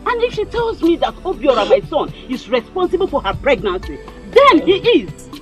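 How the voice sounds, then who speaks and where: An actress playing a mother of a prince, calmly reassuring another woman in a drama. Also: sits high, normal speed, soft background music. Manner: soothing, lively and assured. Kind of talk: Nollywood film acting.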